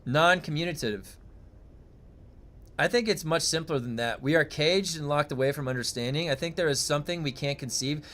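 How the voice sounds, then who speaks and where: A man's voice: on the high side, moderate pace, a bit bright. A man who streams games muses aloud in a rambling, curious way and swears now and then, talking into a desk mic. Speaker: game streamer. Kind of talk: casual livestream musing.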